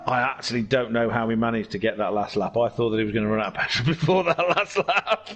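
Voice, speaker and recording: A man giving casual, jokey commentary on an online car race, chatty and excitable. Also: medium pitch, quick pace. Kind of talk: casual sim racing commentary.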